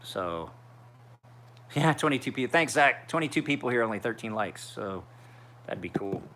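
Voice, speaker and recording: A man's voice: medium pitch, lively intonation, moderate pace, pushed and bright, a little hiss or hum. A man in his forties rambling through a casual livestream chat as a knife sharpener, with profane storytelling. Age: 40s. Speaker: knife sharpener streaming live.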